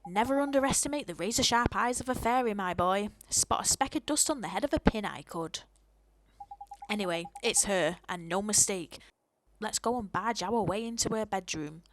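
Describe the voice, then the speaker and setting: A woman's voice: mid-range voice, expressive, normal speed, a little hiss or hum, lightly acted. A woman doing a brash little fairy man. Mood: teasing. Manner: brash, blunt and slangy. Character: cheeky slangy little male fairy sidekick. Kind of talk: reading game dialogue in voices.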